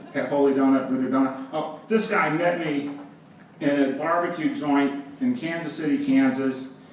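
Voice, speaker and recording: A man's voice: medium pitch, fairly even intonation, moderate pace. Man telling wry stories in a hall. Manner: wry, laughing between anecdotes. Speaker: presenter. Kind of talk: storytelling talk on stage. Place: live event hall with audience. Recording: roomy, distant, with background noise.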